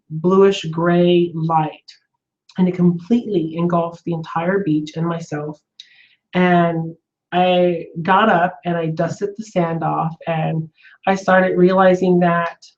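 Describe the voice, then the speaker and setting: A woman's voice: fairly low pitch, darkish tone. A woman vlogger telling a personal story in a casual, earnest way, rambling with frequent fillers and restarts. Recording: slightly dull lo-fi recording.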